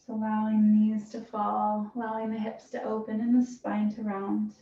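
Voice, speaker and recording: A woman's voice: medium pitch, moderate pace. Encouraging woman fitness instructor, distant roomy sound. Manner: calm, encouraging cueing with soft breathy asides. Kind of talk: guided stretching class. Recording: roomy, distant, dull sound with faint hiss.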